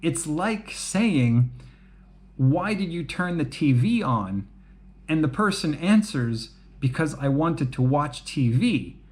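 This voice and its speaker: Slow-talking, chatty male English teacher. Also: fairly high pitch. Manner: relaxed, chatty, asks "right?" often; laughs at his own jokes. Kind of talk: slow, clear explanation for learners.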